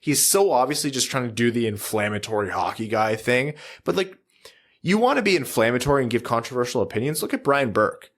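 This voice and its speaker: A man's voice: mid-range voice, expressive, a little fast, fairly bright tone. A man co-hosting a casual podcast, joking and reading out listener messages. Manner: laughing, reads listener messages. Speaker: podcast co-host.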